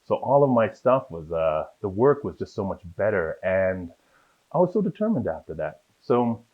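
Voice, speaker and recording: A man telling lively stories about his acting career in a casual interview, acting out the people in them. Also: lowish voice, normal speed. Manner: animated storyteller, acts out voices in his anecdotes. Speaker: guest, actor. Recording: dull lo-fi sound.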